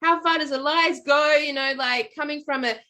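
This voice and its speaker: A woman talks with a slightly high voice in casual conversation. She tells stories in an animated, rambling way, full of fillers and restarts. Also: normal speed. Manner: animated storytelling with many fillers. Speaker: podcast co-host. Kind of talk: casual chat.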